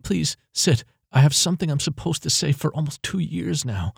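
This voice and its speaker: A man's voice: on the high side, animated, normal speed, gravelly, slightly rough, no echo, voice pushed up, full character voice. A nervous young woman, as a male narrator puts her on, her voice lifted well above his own. She stammers and pleads, unsure of herself, in a dry, close storybook reading. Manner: hesitant, pleading.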